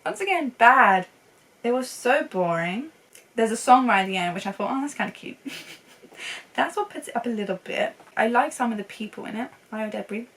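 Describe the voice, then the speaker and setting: A woman's voice: on the high side, expressive, normal speed, distant mic, rough recording. A young woman chatting casually and enthusiastically as a film reviewer, laughing often. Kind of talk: casual chat.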